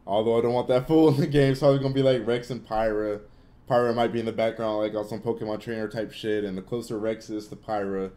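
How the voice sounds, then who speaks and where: A young man hosts a laid-back livestream Q&A, answering viewers with blunt, opinionated takes and loose, rambling filler. His voice sits low, and its tone is dark and mellow. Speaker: livestream host answering chat. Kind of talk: casual Q&A livestream chat.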